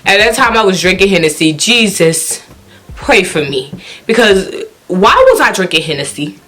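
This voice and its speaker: Animated storytelling woman with Southern country accent. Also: normal speed, faint music behind. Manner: animated storytelling, acting out quotes with high exclamations. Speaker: vlogger. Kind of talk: storytime vlog.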